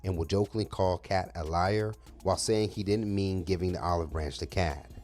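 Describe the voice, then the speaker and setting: Deep-voiced man reading news, music behind. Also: moderate pace, darkish tone. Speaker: news narrator. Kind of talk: scripted news narration.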